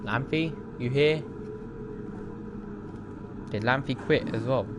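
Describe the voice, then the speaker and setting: Young male streamer, excitable play-by-play of his own racing laps, engine roar behind. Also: mid-range voice, slow pace, long pauses, background noise. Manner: excitable, talks to the other drivers. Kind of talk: live racing game commentary.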